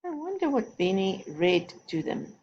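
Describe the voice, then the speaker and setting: A woman teacher talking young children through a phonics lesson one step at a time. She speaks slowly, with a very animated, sing-song rise and fall. The recording sounds a little dull and lo-fi. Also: mid-range voice, breathy edge. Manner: patient, step-by-step instructions to a child. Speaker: primary school teacher.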